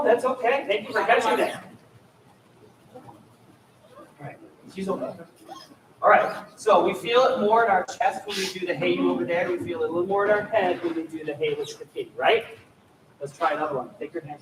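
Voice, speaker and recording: A man's voice: sits high, brisk, pauses often, fairly bright tone. A man leading a student choir rehearsal, coaching singers and demonstrating vocal sounds in an encouraging way. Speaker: choir clinician. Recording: echoey room, mic far off, noisy.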